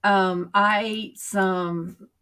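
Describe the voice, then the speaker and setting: Middle-aged woman hosting a livestream, unhurried, homey, rambling chat. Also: mid-range voice, fairly even intonation, sharp tone, clear, resonant tone. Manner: rambling, homey, drawn-out storytelling. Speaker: livestream host. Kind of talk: casual chat to viewers.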